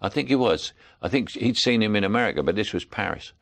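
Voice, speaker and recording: A man's voice: on the low side, lively intonation, fast, vocal fry, a bit bright. An older man with a Cockney accent, a film actor guest telling anecdotes in an interview. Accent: London Cockney. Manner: storytelling, laughing, puts on voices in quotes.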